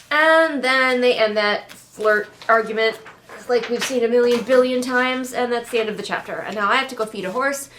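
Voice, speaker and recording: A woman's voice: on the high side, normal speed, fairly bright tone, slight background noise. A woman with a nasal voice, sitting in a chair at home and giving a sarcastic, casual critique of a book. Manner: sarcastic, snarky. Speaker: book reviewer.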